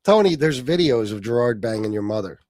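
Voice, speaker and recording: A man hosting a livestream, arguing in a heated, profane and mocking way, sometimes shouting. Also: mid-range voice, expressive, brisk, no room sound, clean studio sound. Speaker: livestream host.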